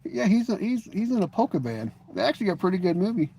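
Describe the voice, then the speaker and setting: A man's voice: high voice, sing-song, fast, mellow, slightly rough. A middle-aged man hosting a live stream, chatting casually with viewers. He rambles, jokes and leans on "you know" as he talks. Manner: rambling and joking, full of "you know" and restarts.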